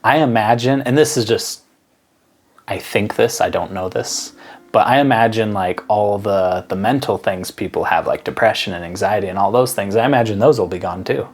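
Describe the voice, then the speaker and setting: A man co-hosting a casual faith podcast, talking in a relaxed, rambling and earnest way. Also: lowish voice, moderate pace. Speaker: podcast co-host. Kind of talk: casual religious discussion.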